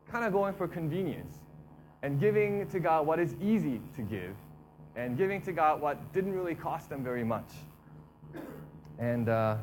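Guy preaching a laid back sermon, kinda high voice, repeats himself a lot, faint hum behind. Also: rough recording. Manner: relaxed, repeats himself, acts out complaining voices. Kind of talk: casual conversational sermon.

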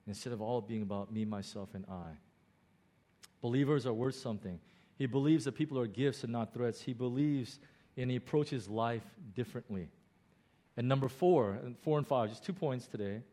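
A middle-aged male pastor preaching a sermon in a church, animated and excited, with frequent stammering restarts as he builds emphasis. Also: mid-range voice, moderate pace. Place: church in Hong Kong.

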